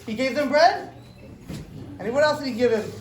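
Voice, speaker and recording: A woman telling a story to children in a synagogue hall, animated and stopping to ask them questions. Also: high-pitched, moderate pace. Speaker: storyteller at a children's learning program. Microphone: distant room mic. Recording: roomy hall from far off, faint ambience.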